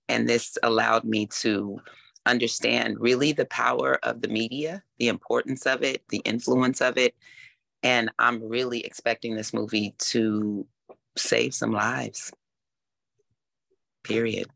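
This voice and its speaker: A woman's voice: rumbling low, gravelly, bright, forceful tone, no echo. A woman film director appearing as a talk show guest, speaking emphatically and with animation.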